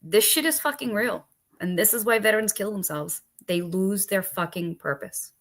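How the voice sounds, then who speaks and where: A woman's voice: medium pitch, normal speed. A woman telling stories bluntly and profanely in a casual podcast chat. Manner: blunt, profane, animated storytelling. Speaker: veterans advocate guest.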